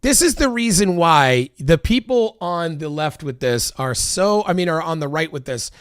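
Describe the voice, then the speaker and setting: A man's voice: on the high side, expressive, normal speed, clean tone, no echo, clean studio sound. A man giving casual, heated political commentary as he reacts to video clips, swearing and arguing with his viewers. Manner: exasperated, heated, swears often. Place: Los Angeles.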